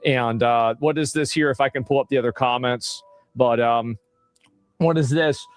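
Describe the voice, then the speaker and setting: A man's voice: medium pitch, fairly even intonation, normal speed, clean tone, no room sound, soft background music. A man hosting a casual commentary stream, mocking and exasperated, swearing and restarting his sentences. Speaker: streamer host.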